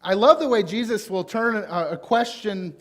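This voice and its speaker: Man, Southern US accent, pastor, high voice, informal sermon, folksy, fillers. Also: normal speed. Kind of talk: conversational sermon.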